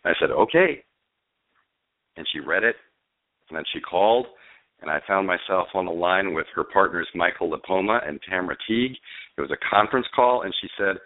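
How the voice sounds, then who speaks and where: A male novelist and screenwriter telling his story in a phone interview, animated but halting, with fillers and restarts. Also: low voice, no room sound. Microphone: telephone. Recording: dry tinny phone line.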